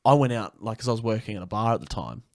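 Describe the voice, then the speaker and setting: A man's voice: fairly low pitch, very animated, quick pace, a little mellow, no room sound, clean studio sound. Young man telling a rowdy story. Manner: rambling storyteller, heavy swearing, fillers. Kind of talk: casual chat.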